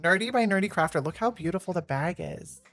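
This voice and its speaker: A woman's voice: mid-range voice, vocal fry, a bit bright, husky. A woman reacting to a gift in a clip, breathless and gushing with many gasps. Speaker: content creator.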